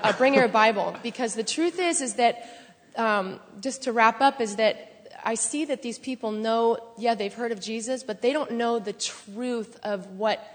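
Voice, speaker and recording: A woman excitedly telling a testimony story in church, laughing and shouting at times. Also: on the high side. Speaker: church member sharing a testimony. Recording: long hall reverb.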